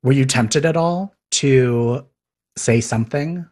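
A curious man interviews a guest and prods with short follow-up questions. His voice sits at a mid pitch with a husky, breathy grain. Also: slow, a little mellow. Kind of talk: casual interview.

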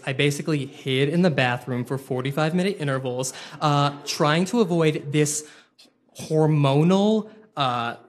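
A young man with a slightly high voice tells a funny personal story live, quick-witted and poking fun at himself, with lots of ums and uhs.

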